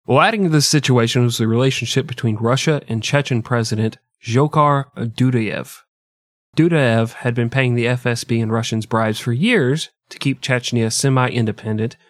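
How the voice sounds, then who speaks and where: A man's voice: mid-range voice, no room sound, studio quality. A man hosting a comedy history podcast, telling the story in a sarcastic, profane way and laughing often. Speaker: podcast host. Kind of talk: casual comedic history chat.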